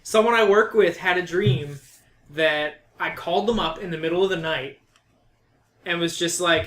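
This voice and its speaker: A man's voice: a little high, moderate pace, fairly bright tone. A laid-back man co-hosting a casual video game podcast, who laughs easily. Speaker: podcast co-host. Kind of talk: casual chat. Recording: roomy echo.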